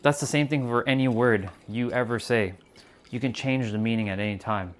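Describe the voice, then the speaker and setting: A man's mid-range voice moves at a moderate pace as he livestreams from his kitchen at home. Between cooking tasks, he chats casually and reflectively about spiritual topics, restarting sentences and leaning on fillers.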